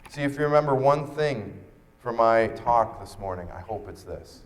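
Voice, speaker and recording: A man's voice: mid-range voice, expressive, normal speed. A man giving a motivational keynote on stage, telling stories and acting out quoted dialogue with asides to the audience. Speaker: motivational speaker. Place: large conference hall. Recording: reverberant hall.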